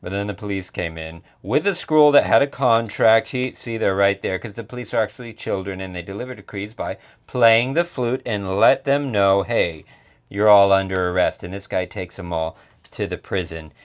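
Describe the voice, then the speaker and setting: A man talks through a board game unboxing in a casual, joking way. His voice is fairly low, and his pitch jumps around a lot. He makes playful asides as he works. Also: expressive, moderate pace. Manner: playful, jokey commentary.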